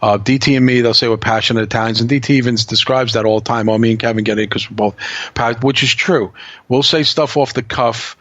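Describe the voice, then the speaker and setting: A man's voice: mid-range voice, steady tone, fast, fairly bright tone, no echo. Blunt male podcast guest, plain dry dull-sounding audio, swears freely. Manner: blunt, swearing, tells stories. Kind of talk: casual podcast chat.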